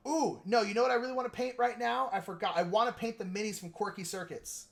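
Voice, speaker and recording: Chatty man with a higher voice. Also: steady tone, fast talker, gravelly, fairly bright tone. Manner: rambling, chatty, lots of filler words; joking, self-mocking. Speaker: livestream host painting miniatures. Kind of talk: casual livestream chat.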